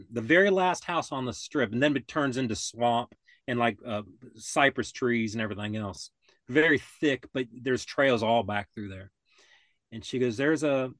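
Older man, casual storyteller, rambling, many restarts, mid pitch, dry close sound. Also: fairly bright tone, dry recording. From Florida. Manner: rambling, restarts often, acts out quoted voices. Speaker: podcast guest.

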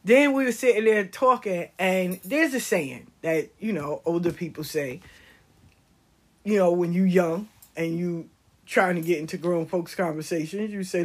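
A middle-aged woman and grandmother telling comic stories in a casual, animated, profane way, swinging between loud exclamations and hushed asides. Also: fairly low pitch, a little slow. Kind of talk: casual comic storytelling monologue.

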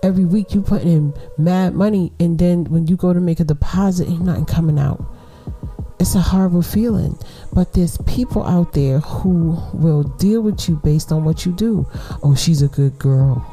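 A woman's voice: fairly low pitch, normal speed, dark tone, soft background music. A middle-aged woman hosting a podcast, giving casual, slangy advice and laughing often as she talks. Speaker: podcast host.

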